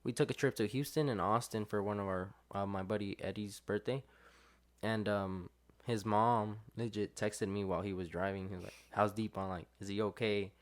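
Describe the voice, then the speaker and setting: A young adult man, a podcast guest, telling a story in casual chat, with lots of fillers and quotes acted out in lively voices. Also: fairly low pitch, normal speed.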